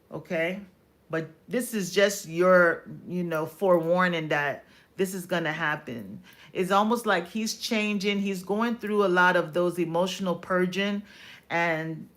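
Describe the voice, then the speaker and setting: A woman giving a live-stream tarot reading, explaining cards in an unhurried, reassuring way with many fillers. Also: mid-range voice, fairly bright tone. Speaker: tarot reader.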